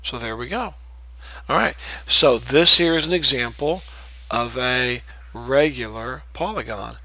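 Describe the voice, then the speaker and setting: A man's voice: mid-range voice, lively intonation, unhurried, pushed and bright, poor audio. A man teaching a math lesson in a patient, explanatory way, repeating key terms and checking in with "okay?". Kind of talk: recorded classroom lecture.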